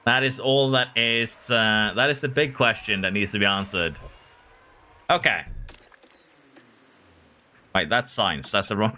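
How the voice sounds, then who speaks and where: A man streaming a racing management game, talking excitedly to his drivers and reading chat. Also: lowish voice, measured pace, long pauses. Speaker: gaming streamer. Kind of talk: live game commentary.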